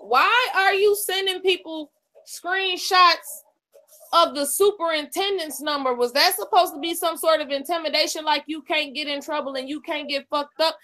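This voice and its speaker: A woman's voice: high voice, normal speed, pushed and bright. A woman co-hosting a live stream in casual commentary, emphatic and confrontational, repeating her lines for effect. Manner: profane, confrontational.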